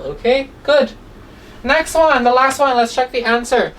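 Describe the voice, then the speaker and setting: A woman teaching a phonics lesson to children, sounding out words slowly and asking "okay?" after nearly every line, coaxing and gently scolding. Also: high voice, distant mic, a little hiss or hum, low-quality recording. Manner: slow, drawn-out sounds, repeats "okay?" often; coaxing, mildly scolding when children drift.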